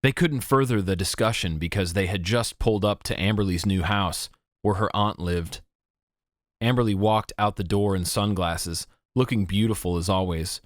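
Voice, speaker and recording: Low-voiced man narrating an audiobook. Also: moderate pace, no echo, studio quality. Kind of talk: scripted narration.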